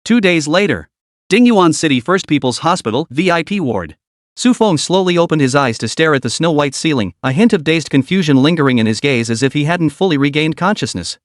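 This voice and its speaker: A man reading a story aloud as narrator in an even, steady storytelling manner. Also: a little high, a little fast, no echo, studio quality. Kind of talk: scripted audiobook narration.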